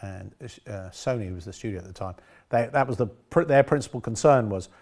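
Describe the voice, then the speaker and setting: A man's voice: lowish voice, a little fast, darkish tone. A man talking about his past work as a film director in a casual interview, rambling with frequent restarts and self-corrections.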